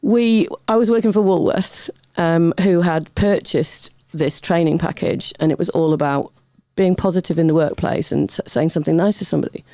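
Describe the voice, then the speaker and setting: A middle-aged woman, a guest on an interview show, telling lively, self-deprecating anecdotes in casual chat, often breaking into laughter. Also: on the low side, moderate pace, few pauses, no room sound. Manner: chatty, animated anecdotes with laughter.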